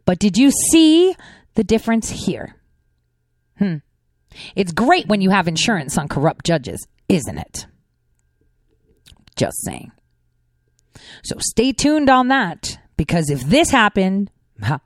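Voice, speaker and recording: A woman host delivers political commentary in a sly, sarcastic way, throwing out rhetorical questions and letting her pitch swoop widely. Her voice sits dry and close, with no room sound around it. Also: no echo.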